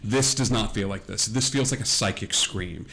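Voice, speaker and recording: Male game master with a low voice, narrating a tabletop campaign in a loose, filler-heavy way. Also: normal speed, creaky, bright, forceful tone.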